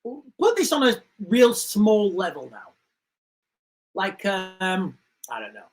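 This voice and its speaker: The recording is rough, and the man's high-pitched voice moves slowly with huge pitch swings. He's a livestream host doing casual commentary, emphatic and repetitive, using sound effects to act out stories.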